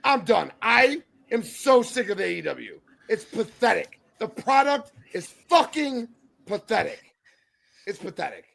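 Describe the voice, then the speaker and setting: A young man co-hosting a podcast, ranting heatedly with profanity and yelling in exasperation. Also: sits high, very animated, measured pace, gravelly. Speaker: podcast co-host.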